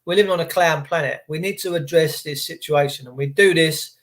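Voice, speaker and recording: Male livestream host, high voice, indignant and sarcastic rant delivered straight to chat. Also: fairly quick, fairly bright tone. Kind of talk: ranting livestream commentary.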